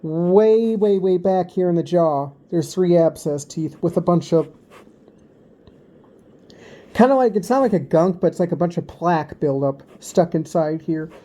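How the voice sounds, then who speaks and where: A man's voice: sits high, measured pace, warm tone. A man telling a personal story to his subscribers in a loose, rambling way, full of ums and restarts. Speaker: vlogger. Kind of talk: casual storytime vlog.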